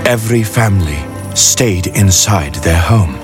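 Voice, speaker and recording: A man giving solemn, measured scripted narration of a Bible story. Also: deep voice, expressive. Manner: measured and grave. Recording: loud music underneath.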